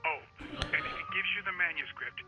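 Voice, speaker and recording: A man's voice: on the high side, fairly quick, lightly acted, rough recording. An actor playing a pushy male colleague who makes an urgent request and persuades his friend. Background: loud game music.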